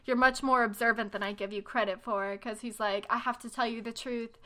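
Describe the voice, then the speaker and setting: A woman's voice: a little high, steady tone, a little fast, sharp tone. A young woman co-hosting a casual book chat, sarcastic and exasperated in her commentary. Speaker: podcast co-host.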